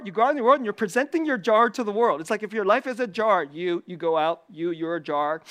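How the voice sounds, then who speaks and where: A preacher with a weekly video channel gives a casual, animated sermon, repeating key phrases and laughing often. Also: medium pitch, quick pace, few pauses.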